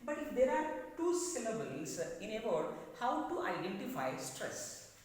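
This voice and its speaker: A man's voice: sits high, big pitch swings, a little slow. A man teaching a classroom lesson, repeating key phrases with emphatic rises and drops. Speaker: English teacher. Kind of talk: classroom lecture. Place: echoey classroom. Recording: echoey room, distant mic, faint hiss.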